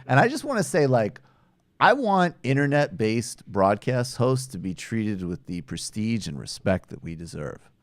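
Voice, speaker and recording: A man's voice: on the low side, very animated, normal speed, no room sound, studio quality. A man hosting a casual political talk show, wry and rambling, with lots of fillers. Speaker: host.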